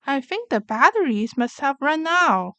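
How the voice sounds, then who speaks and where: A woman voicing a calm, caring mother pig with a soft, soothing delivery. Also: high voice, a little slow, dry recording, heavily acted.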